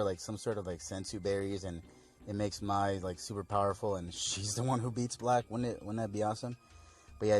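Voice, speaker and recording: A man giving a casual episode recap and review, talking in a loose, slangy way with lots of fillers. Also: fairly low pitch. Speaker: video reviewer.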